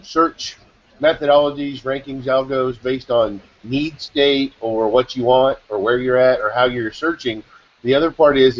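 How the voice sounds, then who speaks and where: A man in a casual group chat, rambling and searching for his words. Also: medium pitch. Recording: dull call audio.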